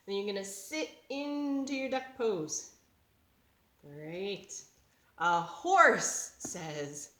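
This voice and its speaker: Slow, patient woman teaching kids' yoga. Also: on the high side, a bit bright. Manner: slow, patient instructions to children, voicing animal sounds. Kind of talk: reading a picture book aloud during a children's yoga lesson. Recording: echoey room.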